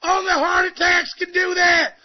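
A man voicing a loud, furious overweight gamer who calls himself a reverend, in a profane comic rant. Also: very high-pitched, level tone, normal speed. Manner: ranting, profane, comic outrage. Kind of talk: comedic rant sketch. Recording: muffled lo-fi podcast recording.

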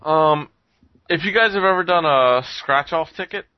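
A man's voice: fairly high pitch, moderate pace, no room sound, muffled recording. A man hosting a casual podcast chat, rambling with lots of ums and frequent chuckles. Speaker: podcast host reviewing games.

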